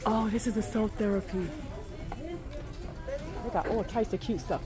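A woman chats through a shopping vlog in a home goods store, her fairly high voice swooping up and down. She gushes and gets excited, talking straight to her viewers. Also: a little slow, over music. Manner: gushing, excitable, talks to viewers. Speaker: vlogger.

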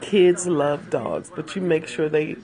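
A woman chatting casually with viewers on a phone livestream, animated and laughing often, calling them girl. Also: low voice, takes it slowly. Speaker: livestream host.

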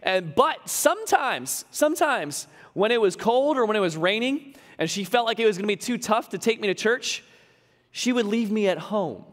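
A man with a fairly high voice gives a casual, joking sermon as a pastor. His words ring out with a long reverb, as if he is recorded in a large church hall. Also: lively intonation, moderate pace. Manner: conversational preaching with humorous asides.

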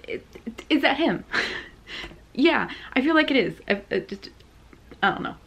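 Excitable young woman reacting loudly. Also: high-pitched, vocal fry, breathy edge. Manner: excitable, swearing, quick exclamations. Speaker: reaction video host. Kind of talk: casual reaction commentary. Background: music playing.

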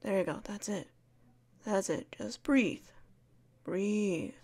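A woman in a whispered role-play as a caring friend, talking softly and soothingly, repeating comforting words and shushing gently. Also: mid-range voice, takes it slowly. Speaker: ASMR creator playing a caring friend.

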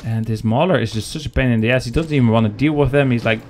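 A game caster with a medium-pitched male voice talks quickly over soft background music. He's doing live esports commentary on a strategy game match, joking around and chatting directly with his viewers.

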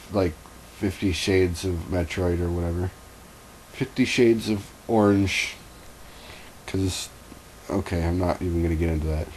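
A man's voice: deep voice, darkish tone, a little hiss or hum, low-quality recording. A man doing a comedic reading with wry asides, stumbling over and correcting words. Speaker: fanfiction reader.

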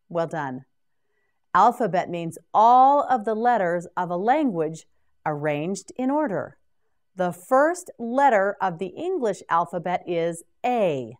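In a scripted drill, a woman teaches English vocabulary, pronouncing each word clearly and deliberately in a fairly low-pitched voice.

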